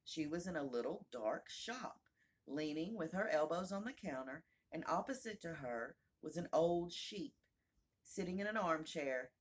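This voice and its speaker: A woman narrating a classic children's storybook aloud in a calm, measured way. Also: deep voice, breathy edge. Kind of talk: audiobook narration.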